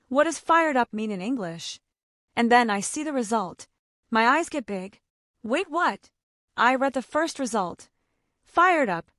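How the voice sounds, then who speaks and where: Woman narrator for a graded reader: higher voice, lively pitch, simple clear sentences, dry booth sound. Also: dry recording. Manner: simple short sentences, slow clear delivery. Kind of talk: scripted first-person story narration for English learners.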